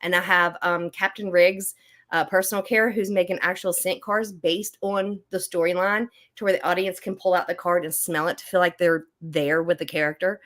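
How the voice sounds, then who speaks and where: A woman's voice: fairly low pitch, steady tone, moderate pace, a bit bright. An older woman, an author guest on a podcast, talking casually with frequent laughs and fillers. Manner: chatty, laughs often, many fillers and restarts.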